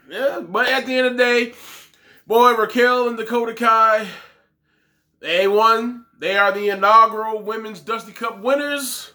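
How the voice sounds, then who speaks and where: Young man, high voice, bright and forceful, excitable wrestling reviewer, lots of exclamations. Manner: animated, exclaims often, trails off mid-sentence.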